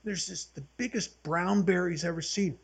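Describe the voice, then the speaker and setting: A man's voice: sits high, moderate pace, vocal fry, slightly rough. A man in his seventies leading a recovery workshop, talking earnestly and telling folksy stories to a group. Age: 70s. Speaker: AA workshop speaker.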